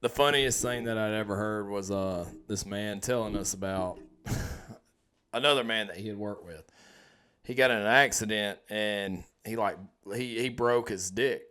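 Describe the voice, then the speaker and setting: A man's voice: on the low side, a little slow, sharp tone, clean tone. A man co-hosting a crude casual chat, profane and joking, egging his partner on. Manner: profane, joking, eggs on the other host. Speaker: podcast co-host.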